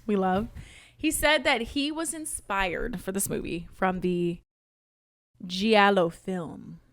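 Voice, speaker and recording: A woman's voice: medium pitch, sing-song, unhurried, a bit bright, dry recording. A young woman co-hosting a casual podcast chat, laid-back and hedging as she explains things. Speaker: podcast co-host.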